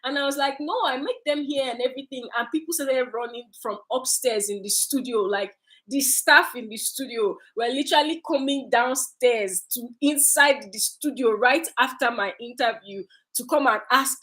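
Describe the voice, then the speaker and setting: A young woman, a candle maker, telling a story to her viewers in a casual, animated way, repeating phrases for emphasis. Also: a little high, moderate pace, rough recording. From Nigeria.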